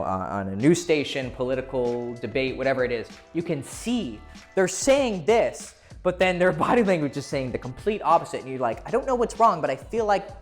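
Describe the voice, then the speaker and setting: Profane, blunt male dating coach. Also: mid-range voice. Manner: blunt and profane, acting out quoted voices. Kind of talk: casual advice talk to camera.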